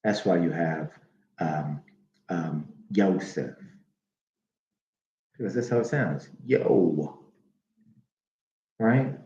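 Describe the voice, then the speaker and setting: A man giving a slow teaching monologue, repeating names aloud with many fillers. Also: deep voice, mellow. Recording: dull echoey room recording.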